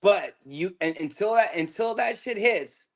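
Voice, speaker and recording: A man's voice: high voice, animated, unhurried, over a noisy crowd. A man chatting casually as a guest, cutting in to get a word in. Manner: cuts in with "hey, hey". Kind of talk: casual chat.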